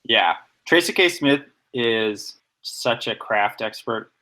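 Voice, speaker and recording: A man's voice: medium pitch, lively intonation, takes it slowly, sharp tone. Nerdy enthusiastic man discussing poetry. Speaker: podcast co-host. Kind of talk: casual podcast discussion of poetry.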